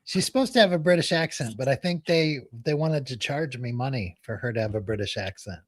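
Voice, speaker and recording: A man's voice: medium pitch, fairly quick, no echo. A man hosting a livestream, an attorney telling stories in a chatty way and laughing often. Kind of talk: casual livestream chat.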